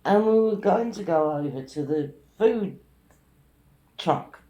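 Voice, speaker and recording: Woman recounting a night out, low voice, roomy echo. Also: slow pace. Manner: animated anecdote-telling, quotes others. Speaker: storyteller. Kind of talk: casual chat.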